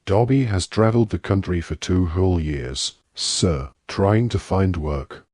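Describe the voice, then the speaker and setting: A man voicing an eager, servile little male house elf who squeaks and calls everyone sir. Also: unhurried, darkish tone, dry recording, clean studio sound. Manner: squeaky, polite, says sir constantly.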